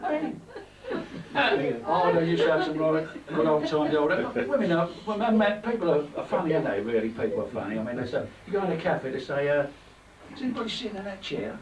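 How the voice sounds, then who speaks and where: An older man telling comic stories to a live party crowd in a chatty, teasing, animated way. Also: on the high side, brisk. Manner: chatty, teasing, animated anecdotes with many asides. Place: party hall. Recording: echoey room, distant mic, loud crowd laughter.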